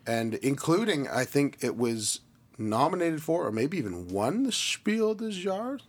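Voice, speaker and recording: A man with a hoarse, worn voice, chatting casually as a podcast co-host and laughing often. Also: fairly high pitch, big pitch swings, a little slow. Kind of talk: casual chat.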